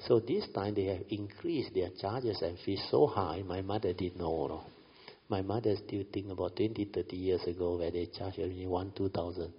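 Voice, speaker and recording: A middle-aged man with a low, husky voice and a Malaysian English accent tells a family story, often tossing in "you know". His voice carries a long hall reverb, and the recording sounds dull. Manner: chatty, frequent "you know", light laughs. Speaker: speaker recounting a family story. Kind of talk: storytelling talk.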